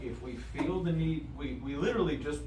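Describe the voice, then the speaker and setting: Fairly high-voiced man player, echoey. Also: brisk, a little mellow, recorded from a distance, a little hiss or hum. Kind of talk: casual tabletop game chat.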